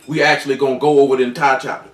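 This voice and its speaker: Echoey, distant preacher, raised voice. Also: male voice, medium pitch, level tone, rapid-fire. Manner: reads scripture aloud, then explains it in loose colloquial speech. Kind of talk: sermon.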